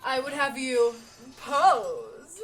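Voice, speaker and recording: A woman voicing a pompous male master merchant in a game, slow and grand as he hands out orders. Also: high voice, a bit bright, poor audio. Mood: commanding.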